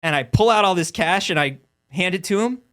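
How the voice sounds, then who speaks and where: A man's voice: sits high, fairly quick, clear, resonant tone. A man co-hosting a casual talk show, telling a long funny story and acting out the voices of the people in it. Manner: animated storyteller, acts out quoted voices. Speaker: podcast co-host.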